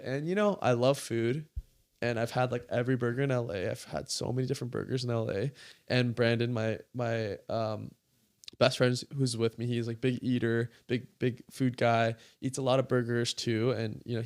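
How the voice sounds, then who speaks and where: A man telling a story in a casual interview, animated, full of "like", acting out what people said. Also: medium pitch, a little fast. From California. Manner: animated, fills speech with "like", acts out quoted dialogue. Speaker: guest creator.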